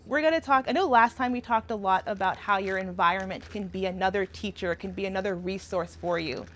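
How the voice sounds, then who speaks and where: A woman's voice: medium pitch, a little hiss or hum. A woman leading a workshop outdoors as a community educator, upbeat and playful, often laughing as she guides a group. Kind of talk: friendly workshop instruction.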